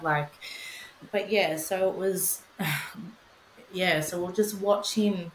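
A woman's voice: mid-range voice, unhurried, echoey room, slight background noise, rough recording. A young woman telling her story in casual podcast chat, candid, swearing freely, with many fillers. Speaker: podcast guest, bereaved mother.

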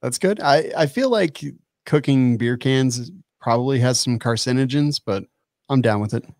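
A man's voice: medium pitch, normal speed, darkish tone, no room sound. A man co-hosting a podcast who mostly gives short dry reactions and teasing questions. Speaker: podcast co-host. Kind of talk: casual podcast chat.

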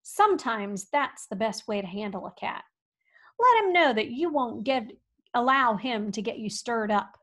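A woman reading a storybook aloud in a folksy, expressive way that swings from hushed to loud. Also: on the high side, measured pace. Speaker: audiobook reader. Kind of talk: storybook narration.

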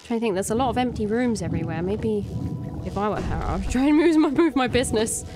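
A woman's voice: on the high side, lively intonation, fast talker. A young woman chatting and reacting expressively while playing a video game, often swearing and laughing. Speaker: game streamer. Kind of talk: casual let's-play commentary. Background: game music.

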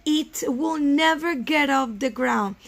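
A woman reading aloud as a discouraged toad from a children's storybook, in a slow, emphatic voice. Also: high-pitched, gravelly, exaggerated voice. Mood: glum. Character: discouraged toad friend flying a kite. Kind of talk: read-aloud character voice.

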